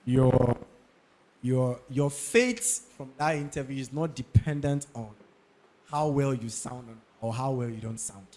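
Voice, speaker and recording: A young Ghanaian man with a Ghanaian English accent gives career advice to an audience, repeating key points and regularly checking in with his listeners. His voice is medium in pitch, a little slow, and a little mellow.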